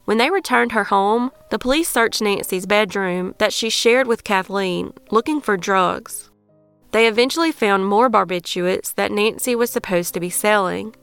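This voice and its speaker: Southern lady reading true crime script, steady and even, smooth voice, light music under it. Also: medium pitch, moderate pace, no echo. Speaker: true crime podcast host.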